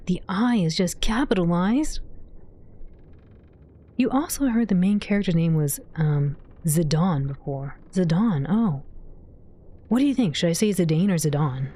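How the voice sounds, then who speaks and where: A woman livestreamer with a warm, lowish voice gives casual game commentary to her chat while she plays. She giggles often and reads viewers' messages aloud.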